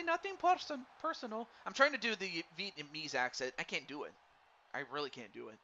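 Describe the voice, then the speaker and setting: For a stream, a man gives excitable live play-by-play of a wrestling game, stumbling over his words as he chats with viewers. His voice is on the high side, captured by a dull lo-fi mic with faint noise.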